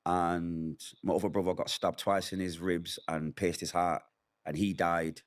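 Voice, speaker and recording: A man's voice: deep voice, little pitch movement, unhurried. A middle-aged man telling his own hard story in an interview, candid and emotional, acting out what people said. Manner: candid, emotional storytelling with vivid acted quotes. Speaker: interview guest. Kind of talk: personal testimony in a sit-down interview.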